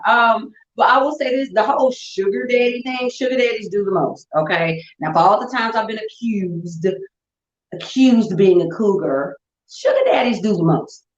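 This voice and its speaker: A middle-aged woman with a St. Louis accent chats casually, spinning playful stories with a voice that rises and falls a lot. The sound is muffled and lo-fi. It rings in an echoey room. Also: mid-range voice. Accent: St. Louis, Midwestern US. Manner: animated storytelling, playful. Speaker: co-host. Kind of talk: casual chat.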